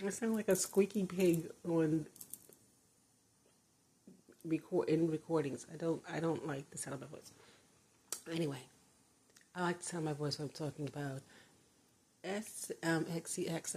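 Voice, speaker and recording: A woman's voice: deep voice, fairly even intonation, normal speed, pauses often, dark tone, slight background noise. An older retired woman chatting casually from her bedroom, rambling and laughing often. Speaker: vlogger. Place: her bedroom, door closed.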